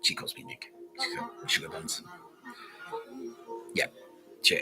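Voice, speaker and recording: A man's voice: medium pitch, very animated, slow pace, long pauses, sharp tone, faint music behind, poor audio. An Australian man hosting a podcast, rambling casually with plenty of swearing and chuckles. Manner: profane, meandering, chuckling. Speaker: podcast host.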